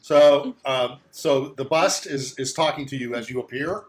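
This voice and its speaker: A man running a tabletop game as game master, narrating in a rambling, halting way with many restarts. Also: mid-range voice.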